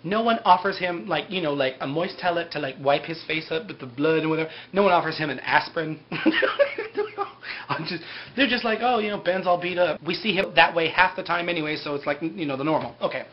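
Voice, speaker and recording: A man's voice: fairly high pitch, big pitch swings, a little fast. A man casually recapping a TV episode in a loose, rambling way, full of "like" and "you know". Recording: dull lo-fi with faint hiss.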